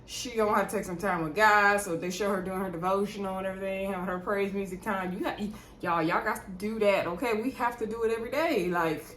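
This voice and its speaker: A woman's voice: mid-range voice, steady tone, fast, hardly any pauses, fairly bright tone, slight background noise. A woman giving a casual, rambling recap of a reality show, full of asides and fillers. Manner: rambling, chatty, digressive, with frequent asides and fillers. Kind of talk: casual chatty episode recap. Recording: roomy echo.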